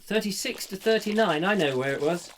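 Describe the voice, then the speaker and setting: A man's voice: sits high, expressive, a bit bright. An English man hosting a live comic chat show, joking and musing aloud over quiz answers. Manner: jokey, musing aloud, drawn-out puns. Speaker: comedy chat show host. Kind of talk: playful live show banter.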